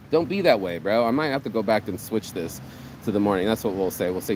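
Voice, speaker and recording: A man hosting his own vlog, giving a casual motivational rant in an animated, profane, rambling way, speaking outdoors on a city street. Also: on the low side, quick pace. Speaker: vlog host. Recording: outdoor street with passing traffic.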